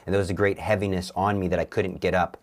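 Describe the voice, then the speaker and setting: A young man sits as a guest on a talk show and tells his own story in earnest. He talks haltingly, with restarts and repeats. His voice sits a little low. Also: little pitch movement. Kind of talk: personal testimony on a talk show.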